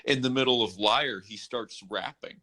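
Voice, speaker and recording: A man co-hosting a casual music podcast, chatty and animated, often restarting and correcting himself. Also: medium pitch, normal speed. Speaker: podcast co-host.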